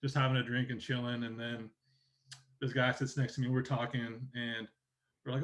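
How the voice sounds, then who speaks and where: A man's voice: medium pitch, flat delivery, fairly quick. A man from Oregon chatting as a podcast guest, telling long rambling stories and acting out what people said. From Oregon, United States. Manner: rambling storyteller, acts out quotes. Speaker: podcast guest, soccer journalist. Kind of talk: casual interview chat.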